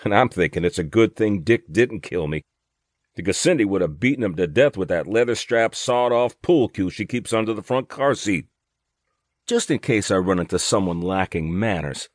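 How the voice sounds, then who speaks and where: A man reading first-person fiction aloud as an audiobook narrator, with dry, wry humor. His voice sits fairly low. The recording is very dry and close to the mic. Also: no room sound.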